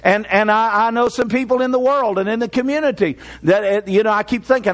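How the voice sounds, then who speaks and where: A man's voice: high voice, normal speed, few pauses, a bit bright. An older man preaching a sermon as pastor, mixing exhortation with folksy stories from his own life. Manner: preaching with folksy storytelling asides.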